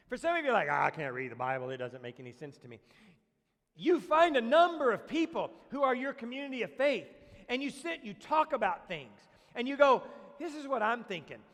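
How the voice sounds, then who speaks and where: A man's voice: very high-pitched, a bit bright, long reverb tail. A man preaching a sermon as pastor, blunt and sarcastic, mocking excuses with quoted voices.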